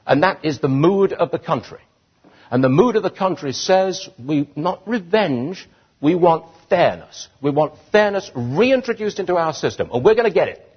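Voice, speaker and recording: A British man speaking to a live audience, his pitch swinging widely as he builds to indignant peaks. His voice is husky. The recording sounds dull and lo-fi. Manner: animated, rising to indignant emphasis. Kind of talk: public speech.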